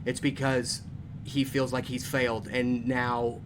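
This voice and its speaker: A man's voice: mid-range voice, little pitch movement, measured pace. A man playing a tabletop game, describing his character and often hesitating as he searches for words. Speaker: player. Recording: noisy background.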